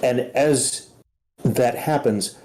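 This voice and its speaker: A man narrating as game master of a tabletop game, patient and halting with fillers. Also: mid-range voice, warm tone.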